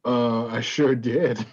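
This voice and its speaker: A hesitant young woman, played by an actor in an improvised stage comedy. She talks sheepishly at a middle pitch. The sound is dull and muffled. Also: a little mellow, husky. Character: young woman fleeing an engagement.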